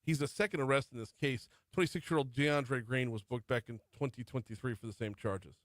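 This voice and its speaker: A man's voice: mid-range voice, a little fast, fairly bright tone, dry recording. A middle-aged man hosting a morning talk radio show, running through the news with chatty asides. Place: radio studio. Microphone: studio microphone.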